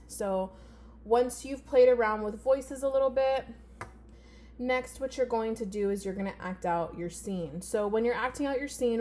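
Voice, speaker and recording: A woman's voice: medium pitch, warm tone. A woman teacher giving a casual video lesson to students at home, chatty and encouraging, with frequent "um" fillers.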